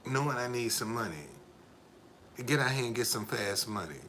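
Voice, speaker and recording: A man's voice: medium pitch, expressive, normal speed, sharp tone, slight background noise. A man live streaming in a casual, rambling way, repeating himself and talking straight to his viewers. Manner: repetitive, emphatic, addresses viewers directly.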